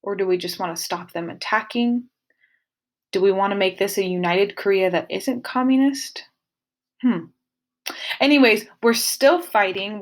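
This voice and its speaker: A woman's voice: mid-range voice, measured pace, long pauses. A woman teaching a casual history lesson, talking to her students directly and adding playful, dramatic asides. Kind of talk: casual classroom lecture.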